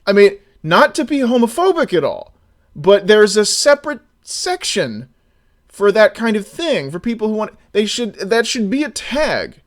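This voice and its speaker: Guy streaming live, rambly and restarting a lot, slightly high voice, gets worked up. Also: huge pitch swings, a little slow. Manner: rambling, many restarts, gets loud and exasperated. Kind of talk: casual live-stream chat.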